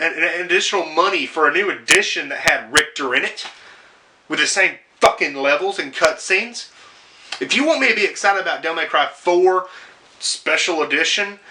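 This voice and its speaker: A man's voice: high-pitched, pushed and bright, slight background noise. A young man delivering a profane, sarcastic rant as a video game reviewer, with frequent swearing and exasperated asides. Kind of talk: ranting commentary video.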